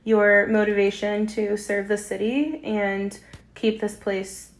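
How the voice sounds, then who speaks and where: A woman hosting an interview, speaking in a warm, encouraging way. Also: mid-range voice, little pitch movement, slow pace, soft background music. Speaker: host and advocate. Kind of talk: casual conversational interview.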